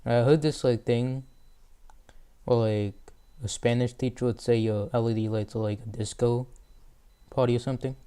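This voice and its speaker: Teenage boy host, mellow and smooth. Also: medium pitch, steady tone, moderate pace, pauses often. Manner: rambling, lots of fillers. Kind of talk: casual interview.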